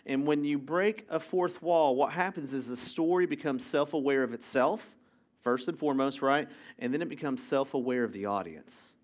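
A man's voice: medium pitch, normal speed. A man preaching a casual, conversational sermon, chatty and full of jokey asides, who keeps checking in with the congregation by asking "right?". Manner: self-interrupting, jokey asides. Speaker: pastor.

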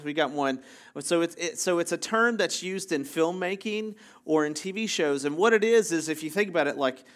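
A male pastor with a slightly higher than usual voice, talking through his sermon in a loose, chatty way. He breaks off for jokey asides and keeps checking in with the room by asking "right?". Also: a bit bright. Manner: self-interrupting, jokey asides. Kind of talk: casual conversational sermon.

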